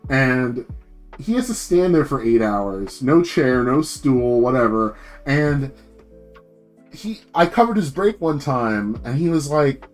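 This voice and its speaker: A young man streaming, ranting casually about work, animated and swearing, jumping high in pitch when indignant. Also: measured pace, faint music behind.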